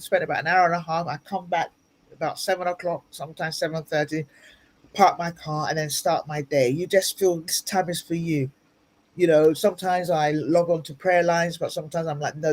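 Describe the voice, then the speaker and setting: A woman's voice: fairly low pitch, fairly even intonation, brisk, darkish tone. A woman guest speaker giving earnest motivational advice in an interview, repeating points for emphasis, recorded over a video call. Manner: earnest, advising, repetitive for emphasis. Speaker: guest speaker and ministry leader.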